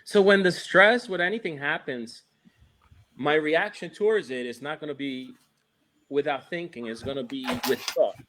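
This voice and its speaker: A man's voice: on the high side, normal speed, fairly bright tone, a little hiss or hum. A man who works as a dog trainer, talking in a casual chat in a reflective, loose, laid-back way with many restarts.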